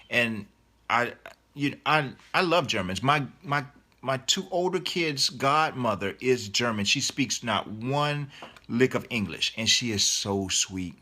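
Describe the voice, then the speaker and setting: A man's voice: mid-range voice, bright, forceful tone. A middle-aged man, an author, chatting casually in a live Q&A as he reads out viewer questions and answers them with enthusiasm.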